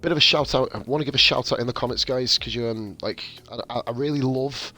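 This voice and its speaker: Bloke hosting a racing stream, bright edgy voice, swears a lot, cheeky banter. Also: male voice, medium pitch, fast, soft background music. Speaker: league host and race commentator. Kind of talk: casual post-race live stream.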